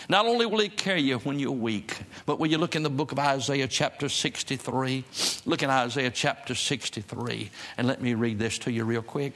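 A man's voice: mid-range voice, normal speed, a bit bright. A man preaching in a church with a folksy, plain-spoken way of talking. His voice sits in a middle register, and he returns again and again to his refrains, swelling to emphatic peaks before easing back into conversational storytelling. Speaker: pastor. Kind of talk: sermon.

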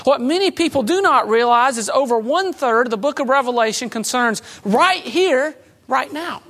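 A woman preaching a sermon in a conversational way, with light humor and emphatic swings between loud and soft. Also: high voice, animated, normal speed.

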